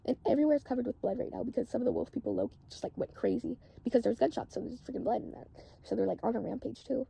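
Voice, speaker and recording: A woman's voice: on the high side, rapid-fire, vocal fry, warm tone, breathy edge. A woman casually recounting a dream, rambling and saying "like" constantly.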